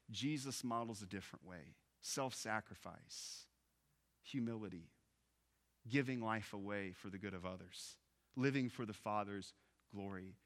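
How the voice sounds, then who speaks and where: A man preaching a sermon, expressive, dropping soft on key phrases and rising when animated. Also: on the low side. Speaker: pastor.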